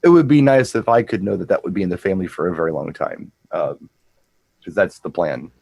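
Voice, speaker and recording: A man's voice: low voice, very animated, brisk, creaky, darkish tone, slightly rough, dry recording, low-quality recording. A middle-aged man and co-host, chatting casually and telling a rambling anecdote, often repeating words as he restarts. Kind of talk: casual chat, storytelling.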